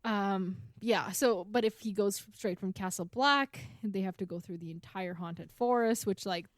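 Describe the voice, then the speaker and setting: A woman's voice: medium pitch, normal speed, no echo, studio quality. Chatty woman recapping a book. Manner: chatty, paraphrases scenes with filler "like". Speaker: podcast co-host recapping a book. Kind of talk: casual book recap chat.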